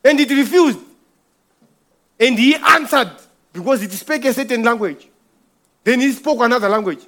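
A man with a strikingly high voice preaches a sermon woven from his own working life. He stumbles over repeated words, rises to loud declarations, then sinks to hushed asides. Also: expressive, moderate pace, long pauses. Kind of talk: sermon with personal testimony.

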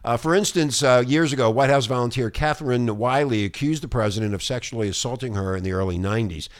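A man hosting a talk radio show, ranting in a brash, crude, animated way. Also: medium pitch, quick pace. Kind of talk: irreverent talk radio banter.

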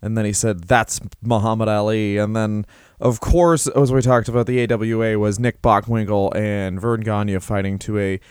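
A man's voice: lowish voice, fairly even intonation, normal speed, darkish tone, clean tone, no room sound, studio quality. A man co-hosting a comedy podcast, telling crude, rambling made-up stories and slipping into silly voices. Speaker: podcast co-host. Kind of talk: improvised comedy chat.

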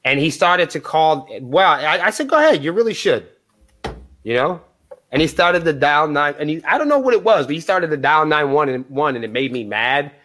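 A man's voice: fairly high pitch, lively intonation, normal speed, fairly bright tone. Swearing man telling wild band stories. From New Hampshire, USA. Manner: profane, rambling, acts out quoted lines. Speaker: band point of contact, podcast guest. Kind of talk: casual storytelling chat.

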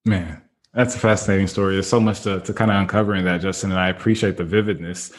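This man hosts a podcast and talks quickly with a low voice. He is chummy and eager, repeating and restarting his words as he builds up his questions to the guest. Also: fairly even intonation. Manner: enthusiastic, chummy, many restarts. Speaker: podcast host. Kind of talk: casual interview questions.

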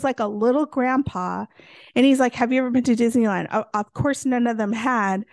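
A woman with a high voice and vocal fry tells animated stories in casual podcast chat, leaning heavily on fillers as a co-host. The studio-quality audio has no room sound.

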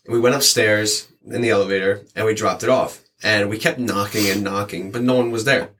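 Man in casual chat, animated storyteller voicing customers' lines. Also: on the low side, brisk, a little hiss or hum. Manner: rambling, animated, acts out quoted lines. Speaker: delivery driver sharing stories.

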